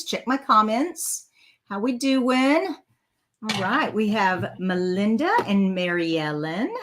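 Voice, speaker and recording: A chatty woman leads a live crafting demonstration at an everyday middle pitch. She talks her viewers through each step. She laughs off her own slip-ups as she goes. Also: fairly bright tone. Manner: chatty and self-deprecating, talking through mistakes. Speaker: card-making demonstrator. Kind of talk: live crafting tutorial chat.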